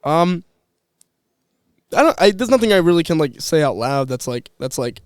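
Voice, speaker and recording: A man's voice: on the high side, sing-song, normal speed, smooth, no echo, studio quality. A young man chatting casually on a podcast, telling rambling stories with restarts and laughs. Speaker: podcast guest, former employee. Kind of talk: casual chat.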